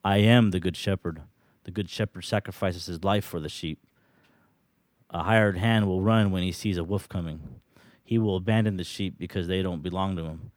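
A man with a very deep voice reads Bible verses aloud to a small group, pausing to ask them questions. The recording is dry, with little room sound. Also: no room sound. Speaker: Bible study leader. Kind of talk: reading scripture and preaching.

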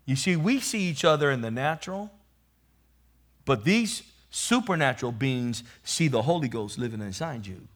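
A man preaching a sermon, swelling into loud emphatic peaks and then dropping low, calling out to his congregation for responses. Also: expressive, moderate pace.

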